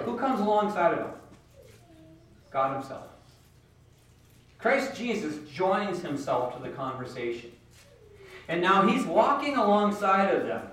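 A man delivers a folksy, conversational sermon in a high voice. He acts out quotes and asides as he tells the story. He stands well back from the mic, and the room rings with heavy echo. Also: fairly bright tone. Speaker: preacher. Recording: very echoey room, speaker far from the mic.

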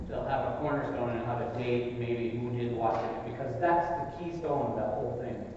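A man preaching an expository sermon in a church sanctuary, earnest and building to emphatic peaks before dropping to quieter asides. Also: medium pitch, a little hiss or hum. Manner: earnest, rises to emphatic peaks then drops to soft asides. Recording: distant echoey hall recording, dull.

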